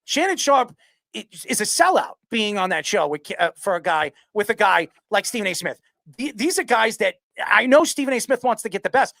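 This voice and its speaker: A man hosting a sports podcast who rants loudly and passionately, arguing hard and often raising his voice. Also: sits high, very animated, brisk, gravelly, dry recording. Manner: loud, passionate, yells his arguments. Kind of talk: heated sports talk rant.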